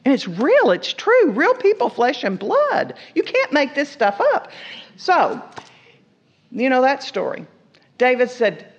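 A woman preaching a sermon, telling the story with lively asides, acting out the characters' lines and asking the listeners questions. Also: sits high, takes it slowly, husky. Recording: dull lo-fi recording.

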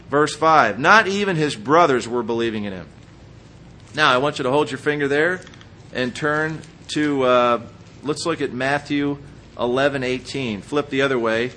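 A man preaching a sermon, walking the congregation through Bible passages with lively asides and acted-out quotes. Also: fairly high pitch, moderate pace. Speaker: pastor.

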